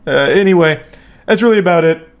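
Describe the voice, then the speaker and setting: Rambling man with a raised pitch. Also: a little fast. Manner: loose, rambling, blunt. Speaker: host. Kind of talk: casual movie review.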